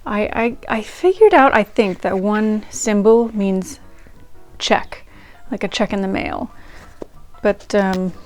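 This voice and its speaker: A woman who hosts a channel reading old diaries chats to viewers slowly in a mid-range voice. She rambles, with many ums and restarts, while faint ragtime music plays in the background.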